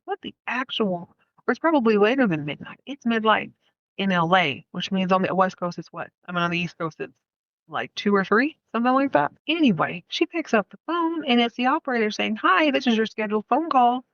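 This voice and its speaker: A woman's voice: medium pitch, animated, brisk, fairly bright tone, no room sound, lo-fi sound. A woman hosting a casual film review podcast, retelling the story in a playful, slangy way with plenty of asides. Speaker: podcast host.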